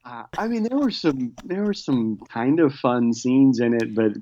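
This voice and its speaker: A man's voice: medium pitch, expressive, a little slow, dark tone, dull audio. A man co-hosting a casual movie-review chat, easygoing and hesitant, hedging often. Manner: easygoing, hesitant, lots of fillers. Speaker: podcast co-host reviewing movies.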